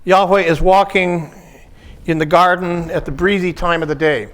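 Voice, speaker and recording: High-voiced contemplative man giving a talk. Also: steady tone, fairly bright tone. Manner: contemplative, speaks in short measured phrases. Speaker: pastoral counselor. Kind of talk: reflective workshop talk.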